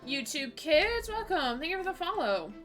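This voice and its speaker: A woman with a very high-pitched, very animated voice and a fairly bright tone streams a game live on Twitch with a voice partner, soft music playing in the background. She chats casually with her viewers, giggles often, and tosses quick asides to chat.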